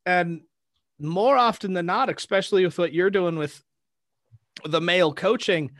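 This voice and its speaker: A man's voice: sits high, moderate pace, fairly bright tone, dry recording, clean studio sound. A man hosting a podcast, speaking in an earnest, reflective way in a casual conversation.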